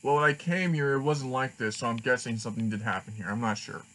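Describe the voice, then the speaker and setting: A man's voice: mid-range voice, fairly even intonation, quick pace, fairly bright tone, close to an everyday voice, poor audio. A man doing a hesitant cartoon pilot. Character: cautious male pilot friend, unsure.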